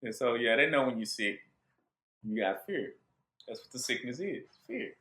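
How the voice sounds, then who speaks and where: A man's voice: mid-range voice, sing-song, normal speed, bright, forceful tone, roomy sound. A man teaching scripture in an informal sermon, asking his listeners to fill in words and joking as he goes. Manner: call-and-response questions, joking, laughing. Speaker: bible teacher.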